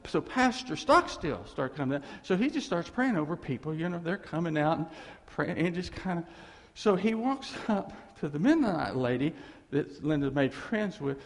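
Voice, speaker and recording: A middle-aged man preaching as pastor, telling rambling, folksy stories with laughing asides, in a church sanctuary. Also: a little high. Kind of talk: storytelling sermon. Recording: long reverb of a church hall.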